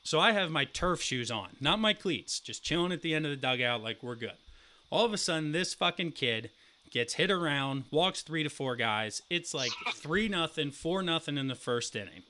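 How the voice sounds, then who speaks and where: A young man in his twenties co-hosting a casual sports podcast, telling a profane story and acting out the quotes loudly. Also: fairly high pitch, lively intonation, normal speed. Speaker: podcast co-host.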